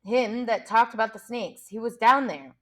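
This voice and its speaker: A woman's voice: fairly high pitch, normal speed, a bit bright. A woman reading aloud, voicing an indignant, anxious schoolboy who scolds the others breathlessly.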